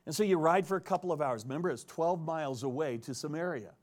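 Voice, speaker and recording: A man preaching a conversational expository sermon, animated and joking as he reads and retells the text. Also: fairly high pitch, fast.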